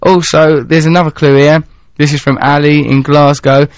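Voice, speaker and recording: A playful man in his thirties rambles theatrically as a radio host, his voice sitting fairly high. The studio sound is dry and close. The broadcast is a little dull and lo-fi. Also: level tone, moderate pace, no room sound. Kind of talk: casual radio chat.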